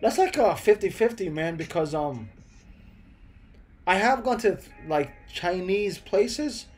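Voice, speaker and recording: A man's voice: high voice, animated, takes it slowly, darkish tone, soft background music. A young man with an American accent chatting casually on a live stream, replying to viewers with lots of "bro" and "man" and frequent restarts. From Philippines, raised in the US.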